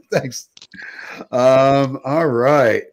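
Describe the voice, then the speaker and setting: A man's voice: mid-range voice, drawn-out words. A man hosting a casual show, retelling scenes and often laughing as he talks. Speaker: podcast host. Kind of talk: casual review chat.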